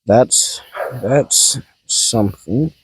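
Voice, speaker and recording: Calm infant ninja prodigy, as a man puts him on. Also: mid-range voice, extremely slow, slight background noise, rough recording. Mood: probing.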